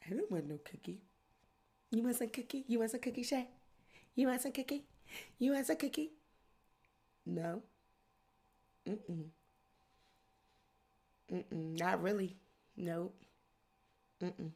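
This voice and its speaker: Brief: woman putting on a deadpan, low-muttering African husband with a French-tinged West African accent. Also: normal speed, heavily acted. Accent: put-on West African French. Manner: low, mumbling, evasive, deadpan refusals. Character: sheepish middle-aged African husband under oath.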